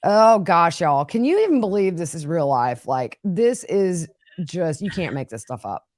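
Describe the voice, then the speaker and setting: Fast-talking, lively woman podcast guest. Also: fairly low pitch, no echo, clean studio sound. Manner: animated, fast, laughs often. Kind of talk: casual chat.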